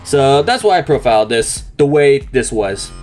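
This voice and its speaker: A man's voice: medium pitch, very animated, normal speed, a little mellow, soft background music. A young man hosting a card game channel, chatting casually and explaining a deck step by step in an upbeat, talkative way. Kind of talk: casual deck profile walkthrough.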